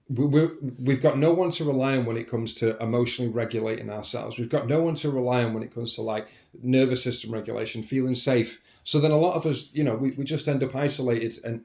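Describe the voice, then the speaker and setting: A man's voice: medium pitch, darkish tone. A man talking in a casual, reflective monologue as a podcast host, earnest and rambling, often restarting and saying "you know".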